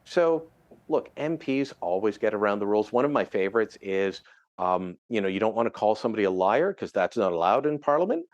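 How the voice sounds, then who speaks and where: Lively middle-aged man giving commentary. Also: lowish voice, a little fast, dry recording, dull audio. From Canada. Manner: animated, conversational, mimics quoted voices. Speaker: political contributor. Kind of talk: news interview commentary.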